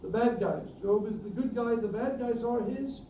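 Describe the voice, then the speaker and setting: A man preaching a sermon, earnest, often asking the congregation questions and building to loud emphatic peaks. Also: extremely high pitch, normal speed, a little hiss or hum. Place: church hall. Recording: distant roomy mic, dull sound, faint ambience.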